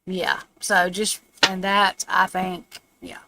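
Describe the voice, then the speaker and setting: A woman's voice: on the low side, little pitch movement, takes it slowly, gravelly, noisy background. A woman giving a casual, rambling tarot reading on a live stream from her home. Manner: chatty, rambling, laughs at her own remarks. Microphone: streaming setup.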